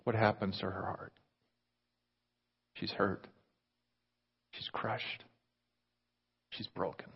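A man preaching a sermon, moving from loud, fervent delivery to hushed near-whispers. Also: on the low side, level tone, slow pace, creaky, long pauses, husky. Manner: impassioned, rising loud then dropping to near whispers. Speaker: pastor. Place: church sanctuary. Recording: muffled reverberant hall recording.

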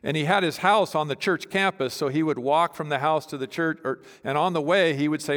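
A man's voice: a little high, a little fast, fairly bright tone. A man preaching an expository sermon, emphatic and teacherly, asking the congregation questions. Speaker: pastor. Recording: long hall reverb.

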